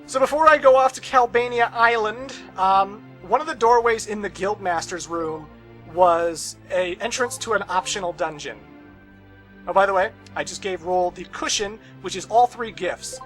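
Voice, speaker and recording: Young male let's player, high and bright, ranty and sarcastic. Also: moderate pace, faint music behind. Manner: sarcastic, ranting asides, swears. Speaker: let's play host. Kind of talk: casual game commentary.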